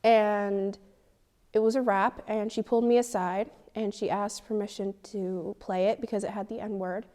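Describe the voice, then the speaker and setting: A teenage girl telling a personal story in an interview, animated and indignant, acting out the dialogue. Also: medium pitch, normal speed. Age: teens. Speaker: student interviewee.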